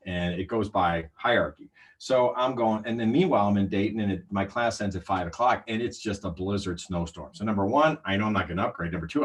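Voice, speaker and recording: A middle-aged man, a sales trainer, telling a story on a livestream in an animated way and acting out the voices of the people in it. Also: low voice. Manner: animated, acts out quoted voices.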